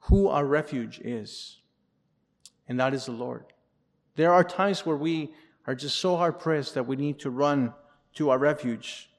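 A male pastor preaching a sermon, reading scripture aloud expressively and adding asides. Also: fairly high pitch. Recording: long reverb in a large hall.

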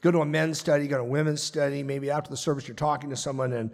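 A man's voice: a little high, flat delivery, racing, gravelly. A man pastor preaching a sermon, earnest and emphatic, repeating his points. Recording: long reverb of a large hall.

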